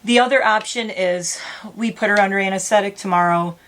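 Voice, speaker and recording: A woman's voice: medium pitch, fairly quick, a bit bright. A middle-aged woman talking to camera from home, earnest and rambling, close to tears. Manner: earnest, rambling, self-correcting. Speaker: vlogger. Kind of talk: emotional casual vlog.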